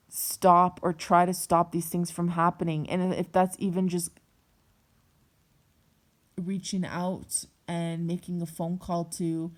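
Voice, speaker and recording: A young woman talks straight to her viewers in a personal vlog, heated and blunt, with frequent swearing. Her voice sits a little low. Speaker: vlogger. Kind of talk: personal monologue to camera.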